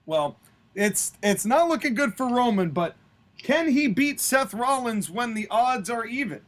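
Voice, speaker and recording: A man's voice: very high voice, animated, unhurried, a bit bright. A man co-hosting a podcast, casually reacting to and critiquing a story. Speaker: podcast co-host.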